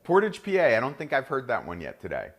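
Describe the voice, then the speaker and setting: A man's voice: mid-range voice, wildly swooping pitch, fast talker, a bit bright. A middle-aged man with a New Jersey accent, hosting a live cooking demonstration in a kitchen and chatting enthusiastically to viewers. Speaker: chef and host.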